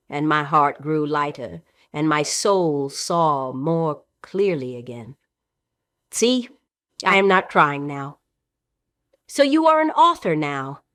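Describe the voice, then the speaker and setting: A woman's voice: on the low side, dry recording, clean studio sound. Nina, a woman reading a weary young actress. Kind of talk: play reading.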